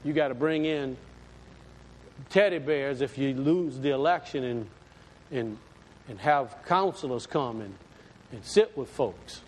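A man's voice: mid-range voice, unhurried, pauses often. A man preaching a sermon in a folksy, storytelling way with sudden emphatic swells. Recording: echoey hall.

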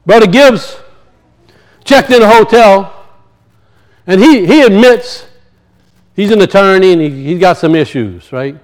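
A man preaching a sermon and telling stories, swinging from loud high peaks to low muttered asides. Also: expressive, a little slow, pauses often, low-quality recording. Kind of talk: sermon with storytelling.

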